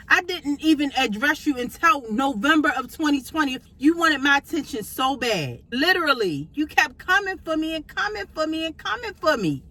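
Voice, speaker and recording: Bright-voiced woman ranting in a car. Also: sits high, big pitch swings, normal speed, few pauses, poor audio. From Baltimore, USA. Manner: confrontational, profane, repeats lines for emphasis. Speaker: vlogger. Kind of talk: ranting vlog monologue. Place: inside a car.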